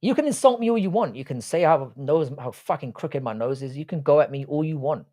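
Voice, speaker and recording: This is a man running a casual live stream whose fairly high voice sounds mellow yet expressive, moving along briskly. He reads the chat and answers bluntly, with plenty of profanity and rambling restarts.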